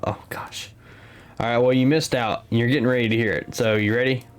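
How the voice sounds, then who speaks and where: A man's voice: medium pitch, steady tone, a little fast, clean tone. Man, stream co-host, casual and chatty, jokes easily. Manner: chatty, joking, open about his life. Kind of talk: casual live-stream commentary.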